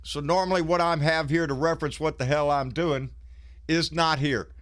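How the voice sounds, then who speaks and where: A man's voice: a little high, steady tone, moderate pace, a bit bright. A man, out of breath, hosting a casual live stream and greeting viewers in a folksy, swearing way. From Texas.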